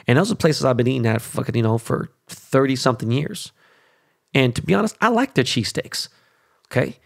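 A middle-aged man from Los Angeles hosting a podcast, talking bluntly in a casual, profane monologue with animated rants. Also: mid-range voice, a little fast, vocal fry. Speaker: podcast host.

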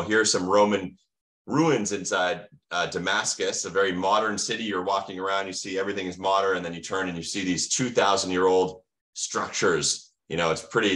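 A man's voice: low-pitched, pushed and bright. A middle-aged American man giving an online medical lecture, asking the audience questions and answering them himself with teacherly enthusiasm. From United States.

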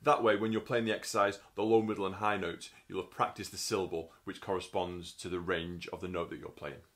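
Low-voiced man teaching brass technique. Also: flat delivery, fairly quick, fairly bright tone. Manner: methodical, explanatory, sounds out syllables. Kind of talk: instructional tutorial.

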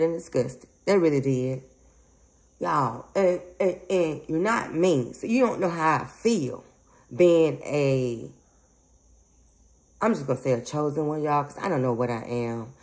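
A woman whose voice sits low hosts a psychic medium channel, rambling emphatically in a casual spiritual vlog. She laughs often and calls her audience "y'all," and the recording is rough.

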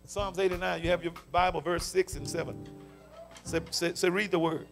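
A man, a pastor preaching a sermon in church, calling out questions for the congregation to answer and rising into shouts. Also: sits high, steady tone, normal speed, faint music behind. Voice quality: gravelly. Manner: call-and-response preaching, shouting peaks. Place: church sanctuary.

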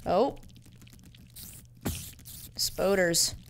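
A woman's voice: fairly low pitch, drawn-out words, vocal fry, slight background noise. A woman giving casual gameplay commentary, muttering to herself in a playful, easily amused way. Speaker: let's-play gamer.

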